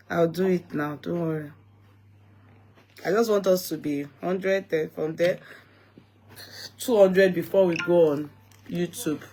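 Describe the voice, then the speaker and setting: Tired woman chatting on a live stream. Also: lowish voice. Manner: chatty, addresses viewers directly. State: tired and yawning. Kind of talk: casual live-stream chat.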